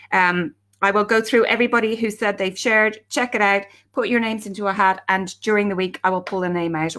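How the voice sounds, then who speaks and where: A woman's voice: mid-range voice, fairly bright tone. Chatty woman on a live stream. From Ireland. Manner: chatty and upbeat, greets viewers by name mid-sentence. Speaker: self-help speaker hosting a live stream. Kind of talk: casual live-stream talk. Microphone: webcam or phone live stream.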